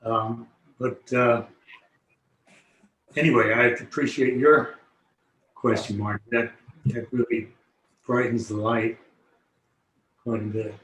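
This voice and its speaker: Man, study group participant, slow, tentative, thinking aloud, roomy echo. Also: mid-range voice, steady tone, a bit bright, a little hiss or hum.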